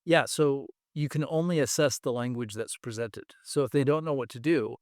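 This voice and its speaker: A man with a smooth, resonant voice speaks as a guest expert, laying out his points one step at a time with examples. The sound is dry and close, with no room around him. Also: medium pitch, normal speed, dry recording. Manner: thoughtful, explains step by step with examples. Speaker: guest expert on language testing. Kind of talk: explanatory interview talk.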